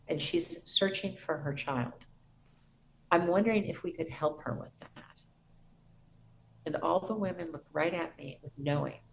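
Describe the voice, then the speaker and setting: A middle-aged woman, a podcast guest, telling a personal story in an earnest, reverent way with soft restarts. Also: low voice, gravelly, a little hiss or hum, low-quality recording.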